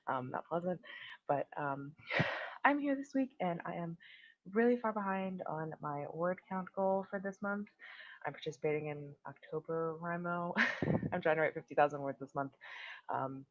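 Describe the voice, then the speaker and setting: A woman's voice: lowish voice, normal speed. A young woman hosting a casual livestream, chatting and greeting viewers with lots of fillers. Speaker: livestream host. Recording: dull lo-fi stream audio.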